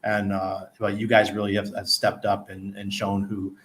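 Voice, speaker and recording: Man, casual streamer, lower voice, quick to laugh. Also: completely flat delivery, a bit bright. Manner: laughs often, self-deprecating storytelling. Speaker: crypto livestreamer. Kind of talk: casual livestream chat.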